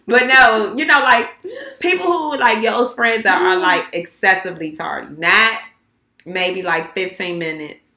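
A woman co-hosting a casual chat show, telling stories in an animated way and laughing often. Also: medium pitch, measured pace. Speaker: podcast co-host. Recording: roomy and noisy.

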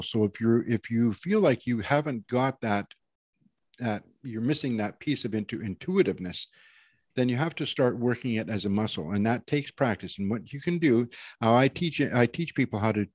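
A man's voice: mid-range voice, lively intonation, moderate pace, a little mellow, husky, no echo. Earnest, rambling man with a dry voice. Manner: rambling, many restarts, earnest. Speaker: intuitive reader. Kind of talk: casual panel chat, giving a reading.

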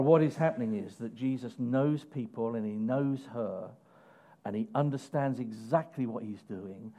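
A man preaching a sermon in an animated way, putting questions to the congregation. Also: medium pitch. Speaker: pastor.

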